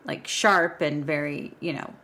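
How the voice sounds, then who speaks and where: A woman's voice: sits low, fairly even intonation, unhurried, bright, forceful tone. Playful woman hosting a movie podcast. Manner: playful, teasing. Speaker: podcast host. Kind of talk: casual movie-review chat.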